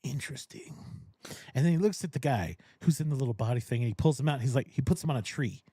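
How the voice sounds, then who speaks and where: A man with a husky, mellow voice hosts a casual podcast chat and retells a film scene by scene. He is animated and profane and laughs easily, and his voice sounds dry and close to the mic. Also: mid-range voice, very fast, dry recording. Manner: animated storyteller, acts out characters, swears freely, laughs often. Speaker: podcast host. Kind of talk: casual chat, recapping a movie. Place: cigar lounge podcast studio.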